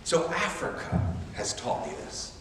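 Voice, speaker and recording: Animated preacher in an echoey hall. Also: male voice, on the high side, measured pace, distant mic, a little hiss or hum. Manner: animated, emphatic, self-deprecating humor. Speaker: missionary preacher. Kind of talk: sermon. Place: large church sanctuary. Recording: echoey church hall from afar.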